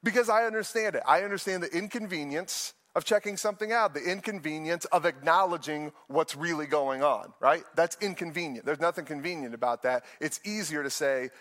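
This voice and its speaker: Animated young pastor preaching. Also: male voice, fairly high pitch, a little fast, few pauses, long reverb tail. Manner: animated storytelling with playful asides. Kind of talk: sermon.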